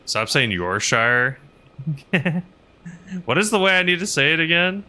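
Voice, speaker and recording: A man's voice: fairly high pitch, very animated, fairly quick, pushed and bright, clean tone. A man chatting casually on a gaming livestream, rambling with lots of fillers and reading chat messages aloud. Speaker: game streamer and helicopter pilot.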